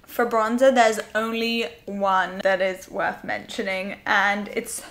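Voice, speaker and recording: A woman's voice: mid-range voice, level tone, takes it slowly, fairly bright tone. A young woman giving a casual makeup tutorial, chatty and enthusiastic with rambling asides. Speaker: beauty vlogger.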